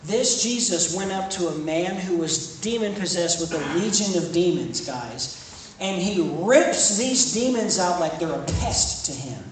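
A man's voice: sits high, animated, a little slow. A young man preaching to a campus ministry in a conversational style that swells into emphatic points. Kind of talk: sermon. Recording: echoey room, distant mic, faint noise.

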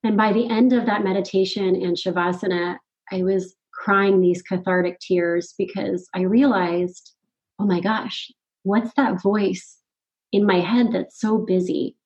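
A middle-aged woman, a podcast guest, telling a personal story in casual conversation, animated and laughing often. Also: medium pitch, moderate pace, hardly any pauses, highs cut off. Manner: animated, laughs often, quotes her own thoughts.

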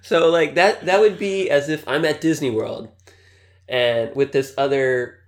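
A man's voice: a little high, unhurried. A man in casual conversation about a film who laughs easily and makes playful analogies. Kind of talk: casual movie review chat.

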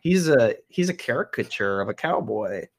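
A man's voice: mid-range voice, sing-song, moderate pace, creaky. Hesitant man with mid-range voice. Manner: thoughtful, hesitant, many fillers. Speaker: podcast co-host. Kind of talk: casual film review chat.

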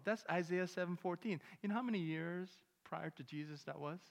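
A man's voice: high-pitched, brisk, vocal fry, few pauses. A man preaching a sermon as pastor, telling stories in a casual way and acting out the dialogue. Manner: conversational storytelling, acts out dialogue. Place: church sanctuary. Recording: long hall reverb.

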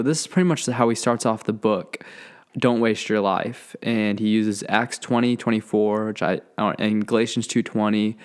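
A man's voice: lowish voice, darkish tone, clean tone. A young man chatting casually to his viewers in a laid-back way, with lots of fillers and easy laughs. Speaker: vlogger. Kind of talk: casual talk.

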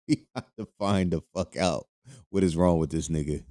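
Deep-voiced man hosting a casual podcast. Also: normal speed, mellow, dry recording, studio quality. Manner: loose and profane, laughs often between lines. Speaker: podcast host. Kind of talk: casual solo podcast commentary.

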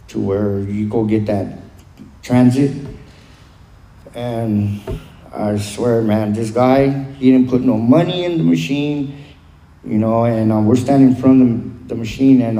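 A man giving a personal recovery testimony, halting and full of "um" and "you know". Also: mid-range voice, warm tone. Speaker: guest sharing his recovery story. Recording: roomy echo.

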